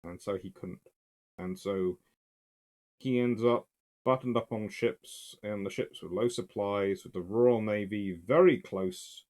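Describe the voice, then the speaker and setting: A man's voice: fairly low pitch, a little slow, darkish tone. A man giving a casual, emphatic spoken history lecture in a conversational way.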